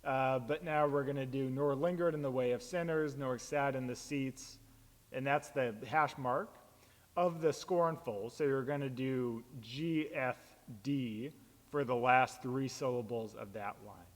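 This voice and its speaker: A man, a pastor, casually explaining how to chant psalms, relaxed and plain-spoken with frequent fillers. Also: mid-range voice, unhurried, long reverb tail.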